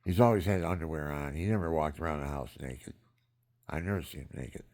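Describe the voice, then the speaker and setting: A man's voice: very deep voice, fairly quick, darkish tone. A man in his seventies telling rambling, frank family stories in a meandering, chuckling way. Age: 70s. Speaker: vlogger. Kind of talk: rambling personal storytelling.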